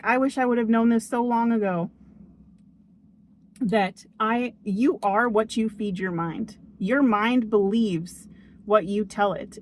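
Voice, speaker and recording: Standing outside by a tree, a young vlogger talks to camera with a motivational message. She has a medium-pitched, darkish voice with slight background noise, and she's chatty, earnest, and upbeat, often asking "okay?" and exclaiming "oh my gosh."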